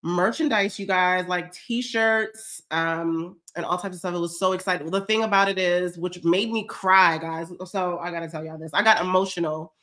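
Hardly pausing, this woman speaks at a normal speed in a fairly low, steady, somewhat bright voice. She's running a fitness check-in livestream, chatting casually and gushing as she responds to viewer comments, frequently saying "y'all," though her cold leaves her slightly stuffy.

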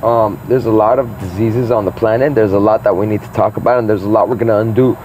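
A man's voice: lowish voice, steady tone, quick pace, darkish tone. Man delivering a rambling, profane rant full of grandiose claims; light traffic noise underneath. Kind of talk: rambling monologue to camera.

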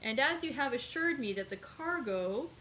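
A woman's voice: high-pitched, expressive, normal speed, pushed and bright, a little hiss or hum, voice pushed up, poor audio. A woman reading the part of an anxious middle-aged male ship owner in a read-aloud book, in a plain reading voice. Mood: comforted.

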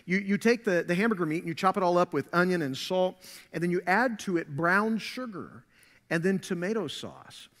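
A man preaching a sermon as pastor, telling a family story in a relaxed, conversational way with frequent fillers. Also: high voice, moderate pace, in a large hall. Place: church sanctuary.

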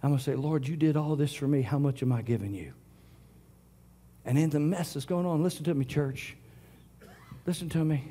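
A middle-aged man preaching a sermon, swinging from loud declarations to hushed whispers. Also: fairly high pitch, normal speed, pauses often, breathy edge. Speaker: pastor.

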